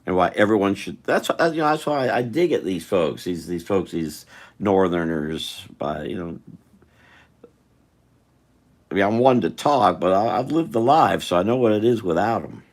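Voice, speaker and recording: While he draws for a live audience, a man chats loosely and voices his thoughts to viewers in a deep, animated voice at normal speed.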